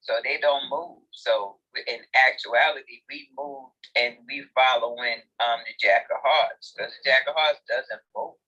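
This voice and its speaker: A man hosting a casual chat in an audio room, animated and exclamatory, laughing often as he talks. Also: medium pitch, a little slow, few pauses, breathy edge, highs cut off. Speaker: host.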